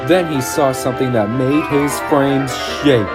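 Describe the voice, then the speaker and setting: A man narrating a storybook in an animated way, performing all the voices himself. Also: mid-range voice, measured pace. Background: music.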